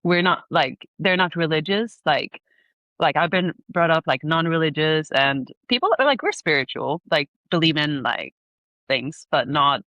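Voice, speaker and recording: A woman's voice: low voice, moderate pace, no echo, muffled recording. A young woman from Sweden with a Swedish accent, a podcast guest telling stories in casual chat, filling her speech with "like" and frequent laughter. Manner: storytelling, animated, heavy use of "like", laughs often. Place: remote call.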